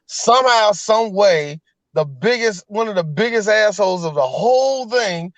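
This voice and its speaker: High-voiced man in loose, profane banter. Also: expressive, normal speed, no echo. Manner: loose, profane, laughs often. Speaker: podcast co-host. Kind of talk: casual podcast banter. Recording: dull, lo-fi dry audio.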